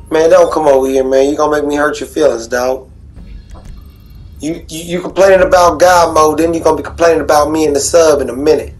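Guy gaming and talking trash on voice chat, cocky and taunting, aave slang, kinda high voice. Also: brisk, darkish tone, soft background music, rough recording. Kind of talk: casual trash talk while gaming.

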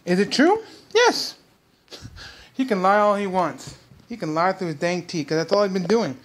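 A man's voice: high voice, brisk, fairly bright tone. A young man hosting his own vlog, ranting heatedly and repetitively straight at his viewers. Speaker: vlog host.

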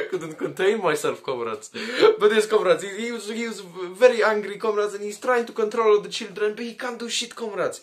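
A man with a high voice hosts a crude comedy history show as a mock communist commander. He swears constantly and peppers every sentence with "comrades". His delivery is loose and rambling. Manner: crude, swears often, calls the audience comrades. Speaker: comedy history video host.

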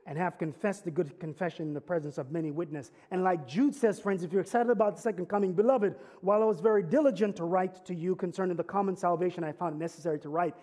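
Fervent high-voiced preacher, dark tone. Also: male voice, a little fast. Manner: earnest preaching with rising emphatic climaxes; conversational storytelling with humor. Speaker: pastor. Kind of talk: sermon.

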